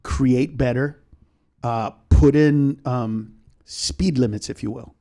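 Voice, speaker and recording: A man's voice: medium pitch, slow. A male comedian talking as a guest in a casual podcast interview, telling stories animatedly and swearing freely. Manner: animated storyteller, acts out other people's voices.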